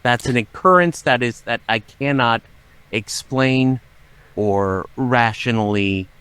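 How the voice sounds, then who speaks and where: A middle-aged man, a podcast guest, telling a story with lots of swearing and dramatic acted-out shouting. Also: mid-range voice, slow, smooth. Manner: profane, dramatic, acts out his own shouting. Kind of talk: animated storytelling.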